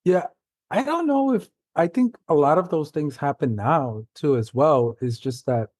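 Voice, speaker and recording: A man from New York City, a guest author, chatting casually in a halting, loose storytelling way. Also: a little high, expressive, a little mellow, no room sound. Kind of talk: casual conversational chat.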